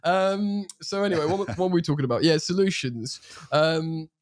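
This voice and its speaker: A man from England chatting casually about football on a podcast, animated and quick to swear. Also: a little high, dry recording, clean studio sound. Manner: animated, swears freely, puts on playful accents. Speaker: podcast co-host.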